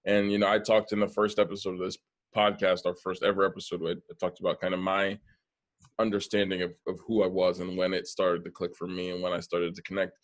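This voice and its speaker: Deep-voiced man hosting a podcast. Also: monotone, fairly quick. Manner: supportive listener, frequent "mm-hmm". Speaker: podcast host. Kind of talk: casual conversation.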